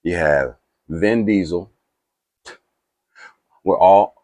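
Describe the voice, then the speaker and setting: A man chatting casually to camera about movies, rambling with restarts and asides and getting excited. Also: sits low, very slow, dry recording. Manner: animated and excitable. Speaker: movie reaction YouTuber.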